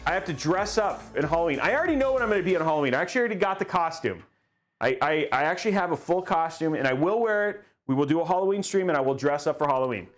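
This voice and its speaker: A man's voice: a little high, animated, racing, soft background music. A young man hosting a live stream, chatting casually with frequent laughs and reading chat aloud in a rambling way. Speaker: livestream host building a PC.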